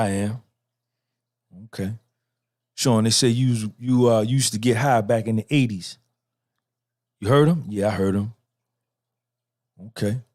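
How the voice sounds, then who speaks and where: A middle-aged man hosting a podcast, giving a profane, repetitive motivational monologue and talking back and forth with himself. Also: medium pitch. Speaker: podcast host.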